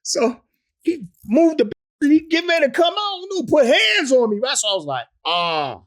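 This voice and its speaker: A man's voice: extremely high pitch, sing-song, brisk, a bit bright. A man, a rapper telling stories in an interview, profane and laughing often. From the Bronx, New York. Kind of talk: animated storytelling in an interview.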